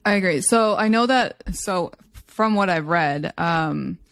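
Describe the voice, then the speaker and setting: A woman co-hosting a casual talk, telling stories in an animated way and acting out what other people said. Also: fairly low pitch, unhurried, dry recording. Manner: animated storytelling, acts out quoted people in a raised voice. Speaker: podcast co-host. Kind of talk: casual chat.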